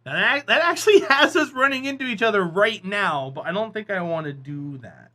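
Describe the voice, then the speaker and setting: Bright-voiced, chatty male game streamer. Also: high voice, animated, fairly quick. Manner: chatty, encouraging, talks to viewers. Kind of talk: casual live-stream chat.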